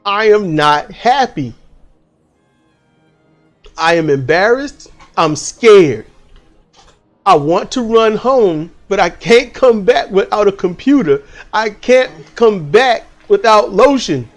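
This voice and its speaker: A man tells a dream story at home in a high, very lively voice that jumps all over his range. He talks casually and swears freely. Faint music plays underneath. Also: takes it slowly. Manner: animated, swearing, acts out voices. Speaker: channel host.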